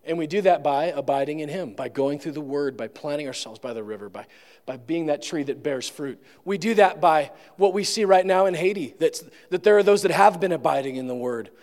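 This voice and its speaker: A man's voice: a little high, expressive, fairly quick, darkish tone. A male pastor giving a sermon in a conversational manner, with joking asides. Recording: long reverb of a large room.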